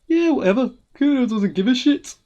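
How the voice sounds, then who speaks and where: A woman's voice: sits high, expressive, a little fast, warm tone, highs cut off, voice pushed up. Woman playing a brash foul-mouthed boy. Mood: mocking. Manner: swaggering, speaks of himself in third person.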